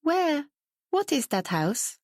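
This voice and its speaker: Woman voicing a soft, hesitant designer with a French-tinged accent. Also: high-pitched, sing-song, takes it slowly, no room sound, studio quality, pitched above the performer's own voice, exaggerated voice.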